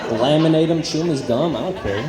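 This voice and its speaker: Awkward deadpan stand-up comic man. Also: a little high, brisk, crowd noise. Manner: awkward, self-deprecating, lots of ums and trailing off. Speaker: stand-up comedian. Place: comedy club stage. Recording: roomy club sound with audience noise. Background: audience laughter.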